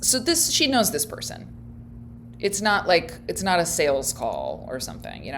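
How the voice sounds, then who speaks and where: A woman's voice: on the low side, huge pitch swings, moderate pace, a little hiss or hum. Chatty, wry woman reacting on camera. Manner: chatty and wry, laughs often, thinks out loud. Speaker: reaction video host. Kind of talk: casual commentary reacting to a clip.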